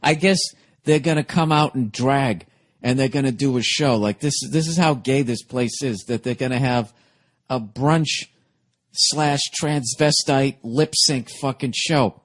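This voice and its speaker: A man's voice: medium pitch, unhurried. A middle-aged man, a comedian hosting his own podcast, telling a story in a casual, rambling monologue full of profanity.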